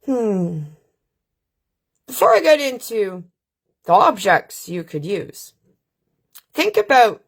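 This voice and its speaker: Slow-talking, blunt, swearing woman. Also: medium pitch. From Canada. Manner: blunt, profane, unhurried with frequent filler questions. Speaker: channel host. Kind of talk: casual live-stream storytelling. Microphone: webcam or phone on a live stream.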